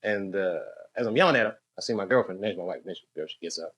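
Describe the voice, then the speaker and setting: A man's voice: low voice, fast talker, a bit bright, slightly rough. An American man doing stand-up with crowd work in a club, loose and rambling, chuckling at his own jokes. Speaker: stand-up comedian. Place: dark comedy club, indoors.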